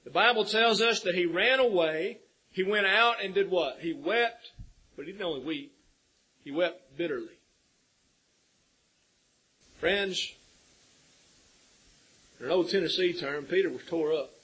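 Husky, earnest preacher man. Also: high voice, moderate pace, long pauses, sharp tone, low-quality recording. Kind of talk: sermon.

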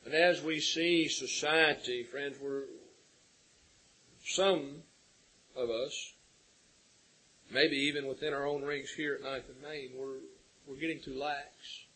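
A man preaching a sermon, asking rhetorical questions and building to loud emphasis with a husky voice. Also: on the high side, steady tone, takes it slowly, long pauses, poor audio. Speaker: pastor.

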